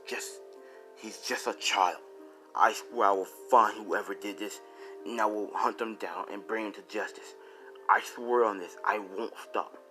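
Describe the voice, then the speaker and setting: A man voicing a grim adult male hero vowing revenge in his thoughts. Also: pushed and bright. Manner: low, brooding inner vow.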